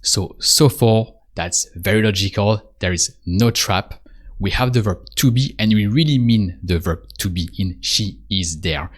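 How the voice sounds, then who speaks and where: A man giving a spoken language lesson, patiently repeating prompts and pausing for the listener to answer. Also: fairly low pitch. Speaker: French teacher.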